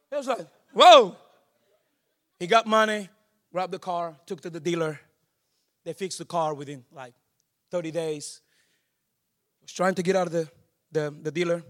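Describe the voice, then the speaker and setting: A man preaching a sermon, telling a family story in a low, quiet voice and then rising into shouted exhortation. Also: normal speed, pauses often.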